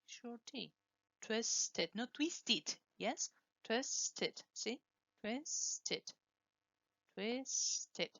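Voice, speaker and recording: A woman teaching English pronunciation, slowly and deliberately modelling words for students to repeat. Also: mid-range voice, gravelly, fairly bright tone, no echo, muffled recording. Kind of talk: pronunciation lesson with drills.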